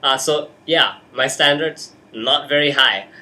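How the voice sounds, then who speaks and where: A man's voice: medium pitch, measured pace, sharp tone. A young man talking casually about a film into a webcam in his bedroom, hyper and jokey. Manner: hyper, jokey, breaks into silly put-on voices. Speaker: host. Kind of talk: casual movie chat.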